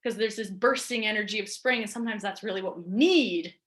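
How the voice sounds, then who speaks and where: A woman's voice: mid-range voice, a little fast. A woman guiding a movement lesson in a playful way, laughing easily as she explains. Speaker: energy work teacher. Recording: echoey room.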